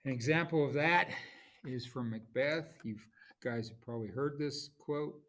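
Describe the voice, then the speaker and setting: A man teaching a class, explaining terms slowly and reading out examples with marked stress. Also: mid-range voice, fairly bright tone. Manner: slow, explanatory, reads examples aloud with stress. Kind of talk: classroom lecture.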